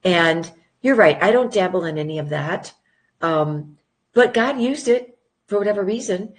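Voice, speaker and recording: Older lady talking earnest and preachy, gentle encouraging tone. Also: lowish voice, lively intonation, a little slow. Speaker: guest. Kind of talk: casual conversation.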